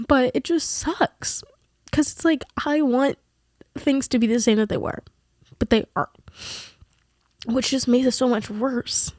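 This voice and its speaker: A woman's voice: a little high, unhurried, long pauses, darkish tone, no echo, studio quality. A young adult woman talking candidly in a confessional vlog, rambling with many fillers. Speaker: vlogger.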